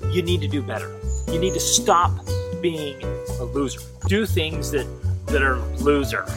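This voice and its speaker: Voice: medium pitch, measured pace, over music. A motivational speaker lecturing in a direct way. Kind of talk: motivational talk.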